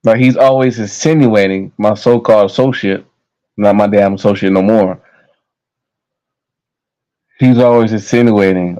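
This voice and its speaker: A man's voice: lowish voice, fairly even intonation, measured pace, pauses often, mellow, muffled recording. Young man ranting heatedly. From United States. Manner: heated, profane, repetitive ranting. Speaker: vlogger. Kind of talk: casual rant to camera.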